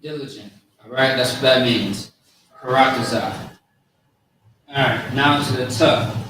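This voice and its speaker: A man's voice: medium pitch, a bit bright. Man teaching far off in an echoey room. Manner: casual, slangy, slow careful spelling of words. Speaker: teacher of a language class. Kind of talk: informal lesson with a live chat. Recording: echoey room, far from mic, faint noise.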